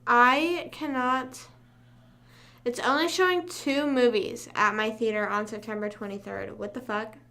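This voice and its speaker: A woman's voice: on the high side, steady tone, a little slow, pushed and bright. A young woman hosting a casual livestream, chatting loosely, rambling and humming to herself between thoughts. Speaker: livestream host. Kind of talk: casual live chat.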